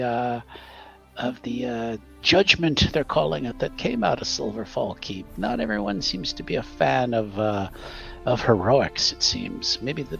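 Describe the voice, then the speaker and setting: A man's voice: medium pitch, gravelly, fairly bright tone, pitched above the performer's own voice, heavily acted. A man voicing a poor, hopeful female jewelry peddler who talks in a hesitant, wheedling way. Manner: hesitant, wheedling sales talk.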